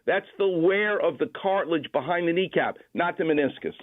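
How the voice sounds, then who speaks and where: A man's voice: a little high, fairly quick. Confident doctor man on a tinny phone line. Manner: confident, precise, instructive. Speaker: doctor guest on call-in. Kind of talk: explaining medical advice.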